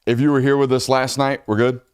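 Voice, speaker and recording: A man hosting a casual sports talk show, energetic and quick in banter. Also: mid-range voice, smooth, dry recording, clean studio sound. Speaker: show host.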